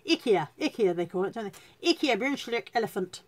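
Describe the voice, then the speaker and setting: A woman's voice: on the high side, animated, brisk, hardly any pauses. A woman chatting casually to viewers on a live stream, self-deprecating and greeting people as she goes. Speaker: reseller hosting a live stream.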